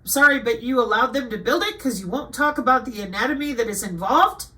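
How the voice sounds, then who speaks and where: Bright-voiced woman reading out a list. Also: a little high, expressive, quick pace, low-quality recording. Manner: indignant, lecturing the listener. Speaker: online commentator. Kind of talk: casual monologue reading from a web page.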